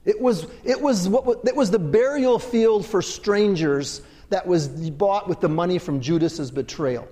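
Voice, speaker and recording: High-voiced preacher in a reverberant hall. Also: male voice, unhurried, few pauses. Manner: swings between loud emphatic bursts and low quiet asides. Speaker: pastor. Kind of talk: sermon.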